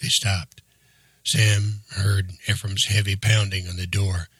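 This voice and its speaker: Husky low-voiced male audiobook narrator. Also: flat delivery, takes it slowly, fairly bright tone, no echo.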